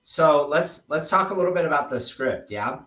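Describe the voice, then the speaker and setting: A man coaching a trainee on sales scripts in a relaxed, casual way. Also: on the high side, moderate pace, far from the mic. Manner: relaxed, demonstrates tone with example phrases. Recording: roomy echoey recording.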